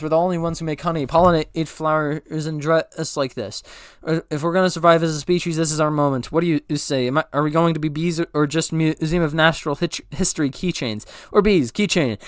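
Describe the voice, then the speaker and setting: Fast stumbling man reading a script. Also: on the high side, smooth, no room sound, studio quality. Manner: stumbling over words, self-correcting, deadpan. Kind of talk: rapid comedic script read-through, all parts.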